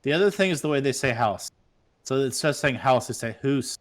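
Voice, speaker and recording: A man's voice: mid-range voice, lively intonation, fast talker. A man from Minnesota chatting casually and joking while streaming a game. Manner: joking, playful, slips into silly mock accents. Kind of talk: casual gaming chat.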